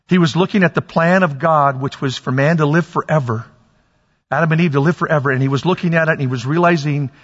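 A pastor preaching a sermon, rising to shouts on key points and putting questions to his congregation. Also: fairly high pitch, breathy edge. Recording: lo-fi, long reverb in a church hall.

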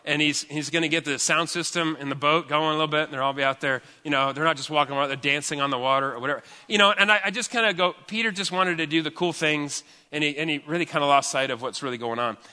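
Pastor guy preaching, kinda high and super bright voice, chatty and jokey, lots of restarts, big hall echo. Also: fairly even intonation, fast, few pauses. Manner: conversational and joking, with frequent restarts. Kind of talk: sermon.

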